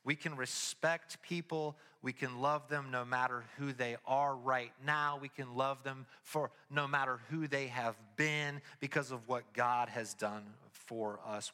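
A man giving a casual, animated sermon as pastor, telling stories with his voice rising as he gets excited. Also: medium pitch, long reverb tail.

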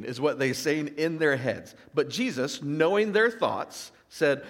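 A man's voice: fairly high pitch, takes it slowly. Man preaching casually in a reverberant hall. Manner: animated storytelling with asides and little laughs; casual, conversational preaching with fillers. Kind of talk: sermon reading and explaining scripture.

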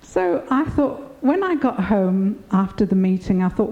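A woman's voice: mid-range voice, lively intonation, unhurried, dark tone, muffled recording. An older woman giving an earnest, reflective personal testimony of her faith.

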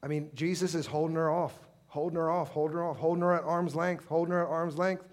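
High-voiced impassioned male preacher. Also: fairly even intonation, fast talker, hardly any pauses. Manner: impassioned, swells to shouting in acted prayers. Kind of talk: sermon.

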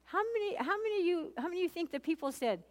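A woman's voice: extremely high pitch, expressive, very fast. A woman leading a conversational Bible study, earnestly asking her listeners questions and often repeating and restarting her phrases. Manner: earnest, questions the audience directly. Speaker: Bible teacher.

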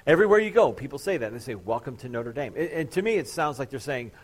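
A man's voice: fairly high pitch, sing-song, very fast. Joking, easygoing man preaching a sermon. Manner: casual, joking, self-deprecating storytelling. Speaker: pastor. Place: church sanctuary with a congregation.

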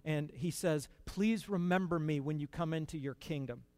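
A man preaching a sermon in an earnest, conversational way, rising to emphatic peaks and dropping to quiet asides. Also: a little high, moderate pace, dry recording.

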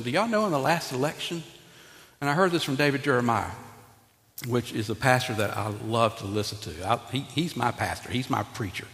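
Male pastor, lively preaching style, voice carries with a long hall reverb. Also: medium pitch, fairly quick. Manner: animated, talks to congregation, acts out Bible figures. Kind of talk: sermon. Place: church sanctuary.

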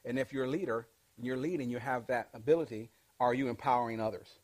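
A man teaching a leadership class, energetic and interactive, calling out questions and pushing the audience to answer back. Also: medium pitch, quick pace. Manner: energetic, call-and-response with the audience.

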